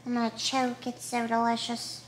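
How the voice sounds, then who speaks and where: A woman voicing an excitable young male terrier dog who gushes and chatters about his treats. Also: a little high, normal speed, a little hiss or hum, lightly acted. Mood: gushing.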